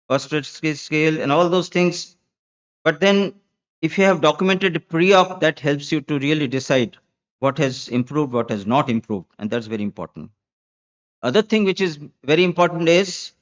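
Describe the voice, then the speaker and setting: A man's voice: a little high, muffled recording. A man giving a medical conference lecture as a spine surgeon, emphatic and listing points, repeating key words for stress.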